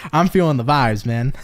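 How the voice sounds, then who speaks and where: A young man giving a casual tarot reading from his home office, laid-back and swearing freely, with frequent laughs. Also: on the high side. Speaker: tarot reader.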